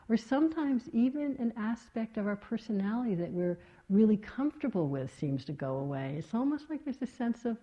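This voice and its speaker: A woman meditation teacher giving a dharma talk in a gentle, reflective way, with many soft fillers. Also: medium pitch. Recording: slightly dull lo-fi talk recording.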